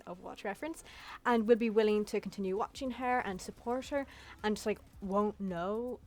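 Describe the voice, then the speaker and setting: A woman's voice: medium pitch, darkish tone. A young woman giving casual, blunt commentary in a chatty vlog style, swearing freely. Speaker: YouTube commentator.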